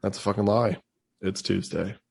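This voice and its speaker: A man's voice: on the low side, steady tone, normal speed, vocal fry, a little mellow, husky. Laid-back, swearing young male podcast host. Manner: loose, profane, laughs often. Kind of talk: casual chat.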